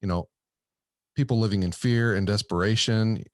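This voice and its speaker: A man's voice: lowish voice, no room sound, studio quality. A man hosting a podcast, enthusiastic and affirming as he responds to his guest. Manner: enthusiastic, affirming, talks in quick bursts. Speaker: podcast host. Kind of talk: conversational interview.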